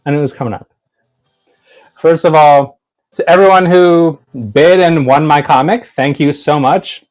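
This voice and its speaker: A man from Florida, a comic creator, chatting casually on a livestream with quick restarts. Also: fairly high pitch, darkish tone.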